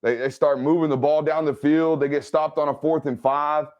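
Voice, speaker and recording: A man hosting an energetic game film breakdown. He keeps checking in with "right?" and "okay?". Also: a little high, normal speed, muffled recording. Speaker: football film analyst and host.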